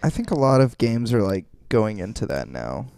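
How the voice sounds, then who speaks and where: Male podcast co-host, gravelly, dark tone, thinks out loud. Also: on the low side, big pitch swings, moderate pace, no echo. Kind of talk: casual chat.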